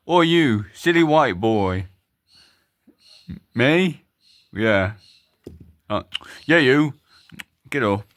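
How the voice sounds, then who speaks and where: A man's voice: mid-range voice, animated, extremely slow, long pauses, fairly bright tone, no echo, studio quality. A man voicing a bossy masked villain who scolds and barks orders at a henchman in a plush toy skit. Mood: scolding.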